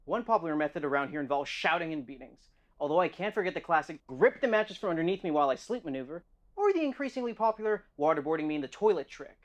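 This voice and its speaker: A man's voice: a little high, lively intonation, quick pace, no room sound, natural voice. A man playing a sardonic weary prisoner. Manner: dry, sarcastic narration. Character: weary, sardonic male prisoner test subject.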